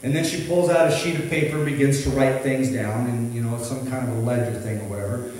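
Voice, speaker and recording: A middle-aged man and pastor telling a story in a sermon, rambling and animated with many restarts. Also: medium pitch, fast, noisy background. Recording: echoey hall from far off.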